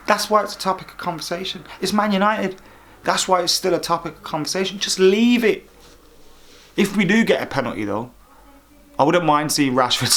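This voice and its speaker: A man's voice: high voice, a bit bright. A man hosting a football fan vlog, giving opinionated commentary in an exasperated, sarcastic rant. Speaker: football fan vlogger host.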